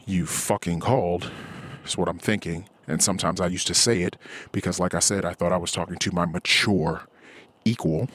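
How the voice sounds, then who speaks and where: A man in his thirties hosting a podcast, venting in a frustrated, profane monologue and mimicking others in a high voice. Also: fairly even intonation, brisk, a bit bright, husky. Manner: frustrated, ranting, swears often. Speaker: podcast host.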